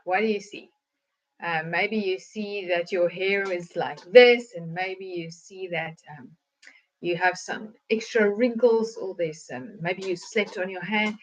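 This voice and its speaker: A woman's voice: medium pitch, a bit bright. Woman doing a motivational live from home, lots of ums, kinda muffled audio. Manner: hesitant, many filler ums, asks questions. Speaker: wellness consultant and coach. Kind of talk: motivational livestream talk.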